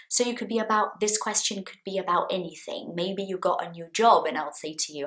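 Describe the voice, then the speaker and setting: A woman teaching an English lesson to camera, repeating example phrases slowly with lively, acted intonation. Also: mid-range voice. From Brazil. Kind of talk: friendly language lesson to camera.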